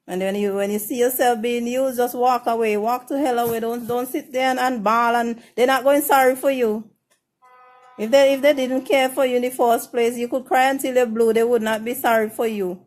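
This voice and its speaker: Hosting a relationship advice show, this woman talks casually, bluntly and frankly, often stumbling over and repeating her words. Her voice sits a little high, with a steady, darkish tone, and she greets viewers by name in a slow sing-song.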